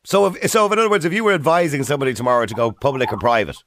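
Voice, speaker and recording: A man with an Irish accent hosting a radio phone-in, chatty and quick, laughing easily with callers. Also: mid-range voice, fairly bright tone, no echo, studio quality. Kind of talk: casual phone-in chat. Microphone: studio microphone.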